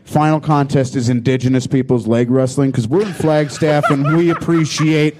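A man's voice: on the high side, steady tone, normal speed, heavy background noise. A man, a comedian guest, bantering on a live podcast with rambling, crude jokes.

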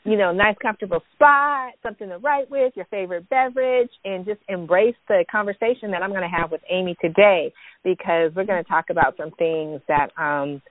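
A woman's voice: medium pitch, brisk, no echo. A woman hosting a talk show, chatty and enthusiastic, reading sponsor messages with fillers. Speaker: host. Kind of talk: casual podcast talk. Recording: tinny phone-like sound.

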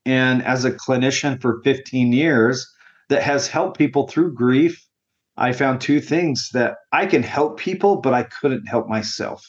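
A man's voice: mid-range voice, a little slow, dull audio. A man in his forties, a grief counselor as an interview guest, telling his personal story in an earnest, heartfelt way. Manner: earnest and heartfelt, sometimes emotional.

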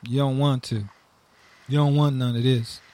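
A man's voice: medium pitch, steady tone, normal speed, dark tone. A man hosting a casual music show, teasing his co-host and laughing often. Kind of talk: casual chat.

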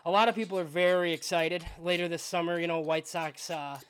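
Male podcast host, casual interviewer, somewhat high voice. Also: brisk, clear, resonant tone. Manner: relaxed, conversational questions.

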